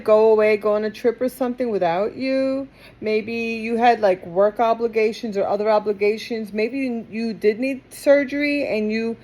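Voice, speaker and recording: With a warm voice on the high side, this tarot reader gives a casual reading to camera in a Queens, New York twang. Her talk keeps drifting into side comments, chatty and rambling, before she returns to the cards.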